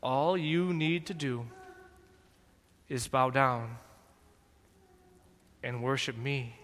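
A man's voice: medium pitch, extremely slow, fairly bright tone, long reverb tail, pitched below the performer's own voice. A man voicing a scheming, mocking male serpent who tempts with a wheedling, taunting manner.

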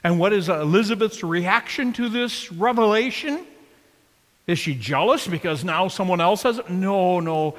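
A male pastor preaching a sermon, expressive and emphatic, often asking the congregation questions, in a church. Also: high voice, normal speed, long reverb tail.

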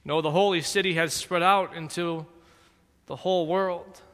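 A man giving dramatic scripted narration in a slow, deliberate, solemn manner. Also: sits high, steady tone, fairly bright tone, long reverb tail.

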